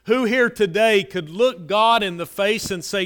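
A man preaching a sermon, earnest and repetitive, pressing key phrases and then dropping to a soft, low delivery. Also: a little slow, in a large hall. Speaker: pastor.

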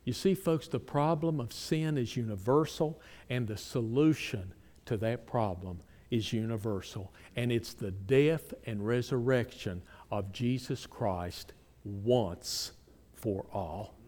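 A man's voice: mid-range voice, takes it slowly, darkish tone, big-room sound. A man preaching a sermon, reading scripture aloud with strong emphasis and putting pointed questions to his congregation.

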